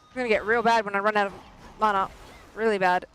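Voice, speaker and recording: A therapist streaming a video game, talking to themselves and to chat in frantic, joking bursts with sudden yelps and mock-calm reassurances. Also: mid-range voice, quick pace. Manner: self-mocking, joking calm under pressure. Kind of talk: live gameplay commentary with chat.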